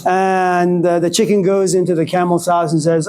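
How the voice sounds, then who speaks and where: A man's voice: high-pitched, moderate pace, hardly any pauses. A man giving a philosophy lecture to a class, telling stories and acting out the voices in them. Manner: animated storytelling, acts out quoted voices.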